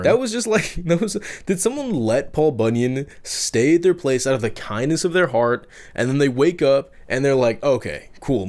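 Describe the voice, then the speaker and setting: A man's voice: medium pitch, darkish tone. A young man telling folk tales in a rambling, profane comedy vlog with exaggerated outbursts. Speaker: YouTube host.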